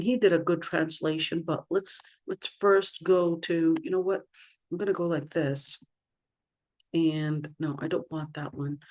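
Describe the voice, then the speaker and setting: A middle-aged woman, a religious teacher with a low voice, leads an online scripture lesson. She thinks aloud while working her screen and slows down to emphasize her questions.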